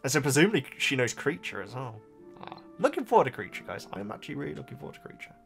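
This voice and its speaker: Young man with a slight Bristolian accent, a lively voice that bounces around, rambly chat to the viewers. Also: mid-range voice, very fast, vocal fry, soft background music. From Oxfordshire, England. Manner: chatty, rambling, often laughing, addresses the viewers as guys. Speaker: book vlogger. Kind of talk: casual chat.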